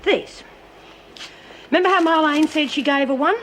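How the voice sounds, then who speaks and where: An actress playing a shrewd, embittered former inmate leader, blunt and weary. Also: female voice, sits high, moderate pace, a bit bright, slight background noise. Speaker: prison inmate.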